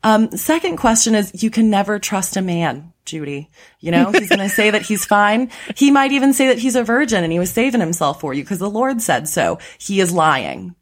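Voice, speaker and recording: A woman's voice: medium pitch, sing-song, moderate pace. A woman guest on a podcast, talking in a blunt, passionate way and swearing freely. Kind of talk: casual chat.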